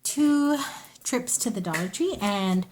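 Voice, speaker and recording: A woman talks casually to her viewers as she shows a shopping haul. She rambles, goes off on side stories and corrects herself mid-sentence, with a relaxed, homey way of talking. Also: medium pitch, slow, slight background noise. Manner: chatty, rambling, self-interrupting. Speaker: vlogger. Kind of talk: casual haul video chat.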